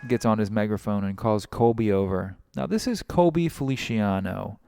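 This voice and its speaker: A man's voice: fairly low pitch, normal speed, creaky, very noisy. A man casually narrating a comic story, chatty and explaining as he goes.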